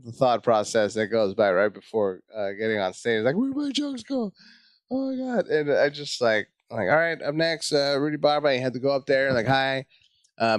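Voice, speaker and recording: Man, comedian guest; animated, profane storytelling, dry close sound. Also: smooth, dry recording. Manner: animated, profane, acts out his own panic in high voices. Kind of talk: casual storytelling chat.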